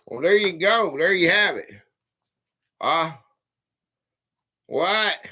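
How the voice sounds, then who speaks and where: A man's voice: high-pitched, lively intonation, slow pace, sharp tone, a little hiss or hum. A man hosting a casual live stream, chatting with viewers by name and reading out fortunes to them. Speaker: livestream host. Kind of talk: casual livestream chat.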